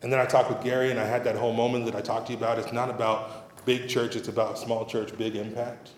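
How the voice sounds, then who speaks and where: A man's voice: mid-range voice, flat delivery, fast talker. A middle-aged man preaching a sermon as pastor, in a conversational, humorous and emphatic manner, in a church sanctuary. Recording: roomy hall reverb.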